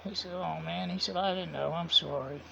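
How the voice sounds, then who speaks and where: Gravelly man telling a rambling story. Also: a little high, steady tone, moderate pace, sharp tone, a little hiss or hum. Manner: rambling, repeats quoted dialogue with "I said" and "he said". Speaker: vlogger. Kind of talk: casual personal storytelling. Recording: dull lo-fi sound.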